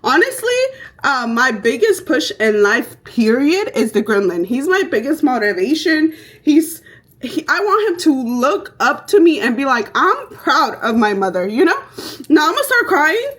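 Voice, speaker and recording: A young woman vlogger chatting through her makeup routine, telling stories in a brash, profane, animated way. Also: sits high, unhurried, husky. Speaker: beauty vlogger. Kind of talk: casual get-ready-with-me chat.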